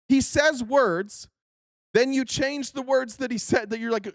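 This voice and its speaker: A man streams live political commentary, venting at his chat in a heated, sarcastic tirade packed with swearing. His voice sits high for a man. The mic is close and dry, with no room sound at all. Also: moderate pace, dry recording.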